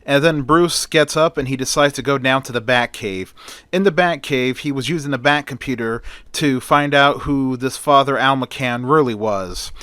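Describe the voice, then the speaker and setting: A man's voice: medium pitch, normal speed, fairly bright tone, no room sound. Man casually telling a homemade story. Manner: plain, chatty retelling with "and then".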